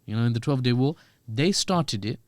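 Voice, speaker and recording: A man, a podcast guest giving animated, joking analysis with quick asides. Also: mid-range voice, no room sound. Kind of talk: podcast discussion.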